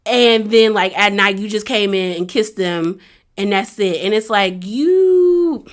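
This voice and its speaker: A woman's voice: medium pitch, steady tone, normal speed, a bit bright. A woman giving a casual, opinionated recap of a reality show. She talks chattily, with a lot of "like", and acts out the quotes.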